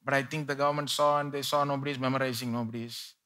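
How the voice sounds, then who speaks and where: A male pastor preaching a live church sermon, swinging between loud pleading and quiet asides. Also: mid-range voice, flat delivery, fast talker. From India.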